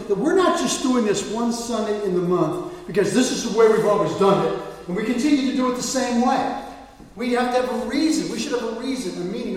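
A man's voice: high voice, distant mic. Preaching man in an echoey hall. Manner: earnest preaching, shifting from quiet asides to emphatic quotes. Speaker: pastor. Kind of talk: sermon. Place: church sanctuary.

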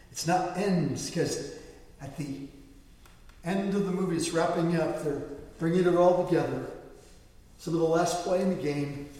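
Male pastor, high voice, dramatic storyteller, booming hall, mic at a distance. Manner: dramatic storytelling, swinging between soft and loud. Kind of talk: sermon. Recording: echoey hall from far off.

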